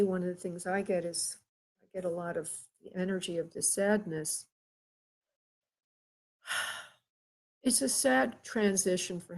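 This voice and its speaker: Woman doing a live psychic reading, kinda husky, slow and halting with lots of pauses. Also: on the low side, a little mellow, rough recording. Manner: halting, pauses often, addresses caller with endearments. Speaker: psychic medium host.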